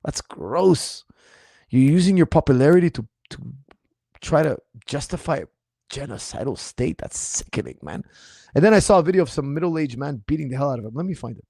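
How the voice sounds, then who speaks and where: A man coaching martial arts who answers viewer questions in a casual livestream, speaking in an animated, incredulous and mocking way, his voice slightly strained. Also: a little high, a little fast, creaky, no echo, clean studio sound.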